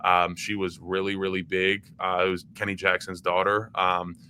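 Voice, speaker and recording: A young man from Maryland chats loosely as a podcast guest, stumbling through fillers and restarts. His voice sits a little low but sounds bright and forward, with a faint hum of noise behind him. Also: little pitch movement, normal speed. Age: young adult. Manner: chatty and loose, with fillers, restarts and bursts of laughter. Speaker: podcast guest, former college football player. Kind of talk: casual chat.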